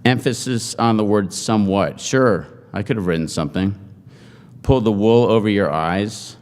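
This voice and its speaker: A middle-aged man giving a humorous after-dinner speech, joking in a deadpan, self-mocking way to an audience in a large hall. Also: fairly low pitch, moderate pace. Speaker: speaker at a forum. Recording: hall reverb.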